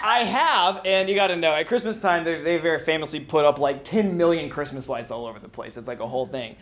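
A man's voice: a little high, fast talker, very noisy. A man from Missouri telling a funny story on stage, often laughing at his own tale. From Springfield, Missouri. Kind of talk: live comic storytelling.

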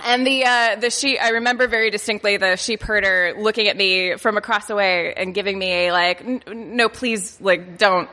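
Bright-voiced woman telling a comic story live. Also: medium pitch, steady tone, long reverb tail. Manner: halting, self-deprecating, stumbles and restarts, laughs at herself. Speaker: live storyteller on a comedy podcast. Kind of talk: comic personal storytelling before a live audience. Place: comedy festival venue.

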